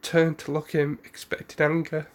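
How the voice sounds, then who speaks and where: A man's voice: a little high, monotone, normal speed. A man casually retelling a fan-made story, rambling with restarts and asides.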